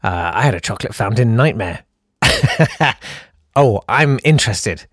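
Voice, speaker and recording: Animated man reading listener messages. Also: on the low side, a little slow, no echo, studio quality. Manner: animated, self-deprecating, reads messages aloud with mock-dramatic voices. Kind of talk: casual chat.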